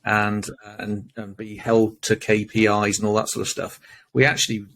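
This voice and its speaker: Male co-host; reflective, halting, business-minded. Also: on the low side, monotone, gravelly, a bit bright, a little hiss or hum. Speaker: podcast co-host. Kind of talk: casual podcast interview.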